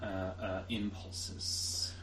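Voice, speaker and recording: A man's voice: low-pitched, flat delivery, extremely slow, a bit bright. A man acting as game master, narrating scenes and explaining rules, often restarting his sentences. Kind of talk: running a tabletop role-playing game. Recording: roomy, distant table recording with noise.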